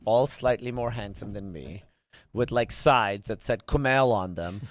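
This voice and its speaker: A man's voice: on the low side, unhurried, no echo. Rambling male comedian guest. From Pakistan. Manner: rambling storytelling with restarts and fillers. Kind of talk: casual podcast interview.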